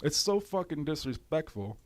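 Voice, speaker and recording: A man's voice: a little high, sing-song, moderate pace. A man with a runny nose, ranting on a livestream in a profane, exasperated way. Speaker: livestream commentator. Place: home in cold weather.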